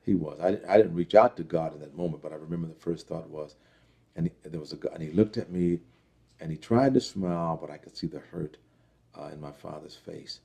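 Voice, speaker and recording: Middle-aged man, interview guest; low, raspy, dark timbre, reflective and earnest. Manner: earnest, reflective, halting with fillers. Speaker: interview guest telling his life story. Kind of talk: personal testimony interview.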